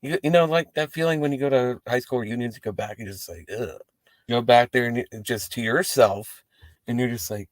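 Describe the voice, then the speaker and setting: A man's voice: medium pitch, brisk, no echo. A man hosting a wrestling post-show, talking casually and profanely to the camera from inside his parked car. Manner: rambling, profane, animated asides.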